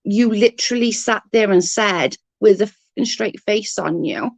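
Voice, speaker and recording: A woman's voice: medium pitch, moderate pace, creaky, few pauses, no echo. A woman on a casual livestream, ranting in exasperation, swearing freely and answering chat comments. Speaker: live streamer reading chat comments.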